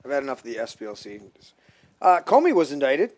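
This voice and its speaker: A man's voice: medium pitch, big pitch swings, quick pace, darkish tone. A man hosting a casual political chat show who rambles, jokes and sometimes loses his train of thought. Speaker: podcast host.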